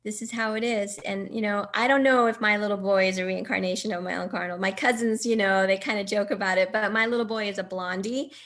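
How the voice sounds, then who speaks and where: A middle-aged woman giving a personal storytelling talk, acting out quoted dialogue with lively jumps in her voice. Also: fast talker, hardly any pauses. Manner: animated, acts out quoted dialogue with pitch jumps. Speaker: speaker.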